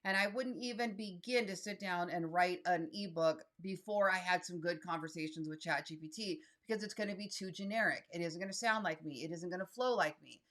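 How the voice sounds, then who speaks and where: A woman in her fifties talks viewers through a tutorial in a casual, blunt voice. Her voice sits a little low, and she reads text aloud as she types it. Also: brisk, hardly any pauses, fairly bright tone. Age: 50s. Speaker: solo creator and YouTube host. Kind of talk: casual screen-share tutorial.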